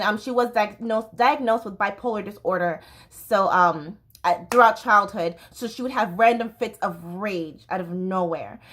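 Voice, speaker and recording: A woman's voice: on the high side, fairly bright tone. Woman, 30s, dance teacher, raised voice, candid and rambling vlog storytelling. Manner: candid, rambling, with frequent fillers and restarts.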